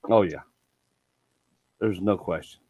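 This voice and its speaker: A middle-aged man, hosting a casual chat and telling stories in an animated way, swearing freely. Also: low voice, slow, husky, narrow, tinny audio. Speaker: podcast host.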